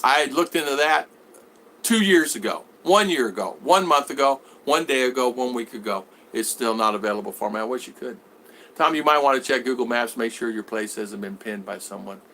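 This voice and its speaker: A man's voice: mid-range voice, a little fast, pushed and bright, slight background noise. A man hosting a casual livestream from home, reading viewer comments aloud and answering them in a rambling way, with many restarts. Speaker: vlogger reading live chat.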